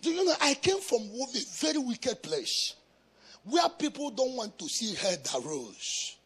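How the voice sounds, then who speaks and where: A man from Africa preaching a sermon as a pastor, shouting in a sing-song chant with bursts of speaking in tongues. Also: very high voice, wildly swooping pitch, unhurried, husky. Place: church.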